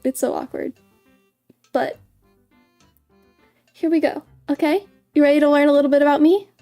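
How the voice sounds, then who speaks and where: A woman's voice: high-pitched, dark tone. A woman streaming as a VTuber in a casual livestream chat, bubbly and giggly, often stumbling and repeating her words.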